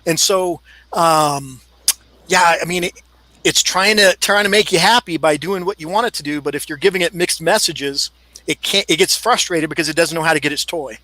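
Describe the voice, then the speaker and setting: A man's voice: on the high side, moderate pace, sharp tone, no echo, low-quality recording. A man in a casual podcast discussion, explaining at length and acting out what a dog would say. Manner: explains at length, acts out dog thoughts in quotes. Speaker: dog handling expert guest.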